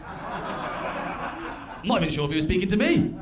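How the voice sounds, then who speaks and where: A man's voice: high-pitched, big pitch swings, unhurried, noisy background. A young man doing a live stand-up set in a small club, telling crude self-mocking stories in a chatty way on a stage mic. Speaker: stand-up comedian. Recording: echoey club room with music.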